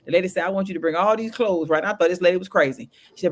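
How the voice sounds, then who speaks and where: Brief: woman podcast co-host, fast, lively storyteller, acts out every line of dialogue. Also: mid-range voice. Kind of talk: casual chat.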